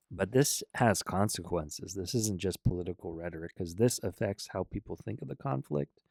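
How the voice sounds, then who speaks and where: A man with a very low, deep voice hosts a reaction commentary. He argues bluntly and emphatically, pushing back point by point. The sound is dry and close, with no room around it. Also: creaky, a little mellow, no echo. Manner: blunt, argumentative, emphatic rebuttals. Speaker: political commentator.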